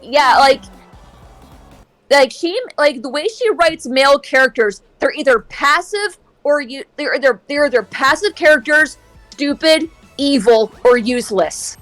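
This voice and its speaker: A woman's voice: high-pitched, animated, measured pace, fairly bright tone, no room sound, faint music behind. A woman streaming a game and chatting casually, airing strong opinions in a ranting way. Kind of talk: casual chat while gaming.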